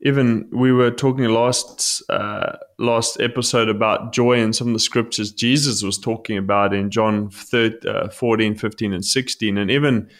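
A man's voice: fairly low pitch, steady tone, moderate pace, hardly any pauses. A man hosting a podcast, affirming his guest and asking reflective questions in casual chat. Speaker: podcast host.

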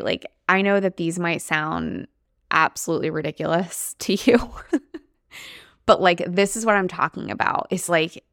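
A woman's voice: lowish voice, vocal fry, a bit bright, no room sound, studio quality. A young adult woman hosting her own podcast as a coach, talking casually and upbeat, often laughing. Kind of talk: casual solo podcast talk.

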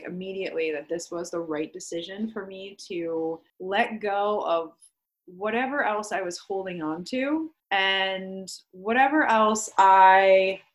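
A young woman, a podcast guest, candidly telling her story in casual speech full of "like" fillers and the odd swear word. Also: medium pitch. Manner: chatty, swears freely, many "like" fillers.

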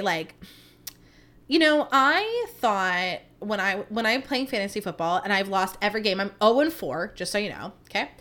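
A woman in her thirties hosting a podcast, chatting casually and animatedly, saying "like" a lot. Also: mid-range voice. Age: 30s. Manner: chatty, animated storytelling, heavy use of "like". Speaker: podcast host. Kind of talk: casual chat.

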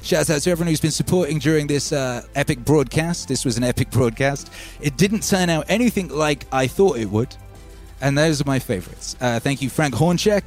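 A man's voice: on the high side, animated, brisk. Laid-back man hosting a livestream. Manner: laid-back, rambling, calls listeners baby. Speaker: livestream host reading chat. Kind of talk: casual livestream chat. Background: faint music.

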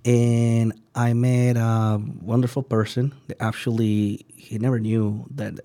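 A man, a sushi chef telling his story as a guest, halting and searching for words and acting out the people he quotes. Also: medium pitch, little pitch movement, warm tone, no room sound. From Venezuela. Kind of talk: casual storytelling interview.

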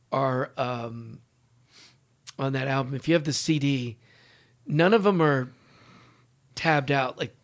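Comedian dude arguing his point, kinda high voice, keeps restarting lines. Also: a bit bright. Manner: insistent, repeats and restarts. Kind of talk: casual chat.

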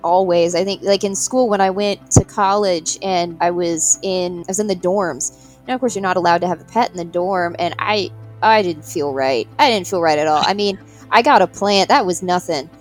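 Animated woman telling stories, laughing. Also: on the low side, moderate pace, faint music behind. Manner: expressive storyteller, laughs often. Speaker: guest, pet hospice veterinary worker. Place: Tampa area.

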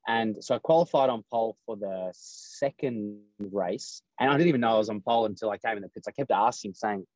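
In a casual podcast chat, a man who is a race driver guest animatedly tells a racing story, acting out what other people said. His voice is on the low side at a normal speed, and the low-quality recording sounds dry and close, with no echo or room around it.

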